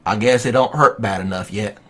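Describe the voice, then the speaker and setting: A man voicing an old male farmer who answers in flat, deadpan replies. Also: on the low side, a little fast, voice pushed down. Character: unbothered old male farmer, dry and laconic.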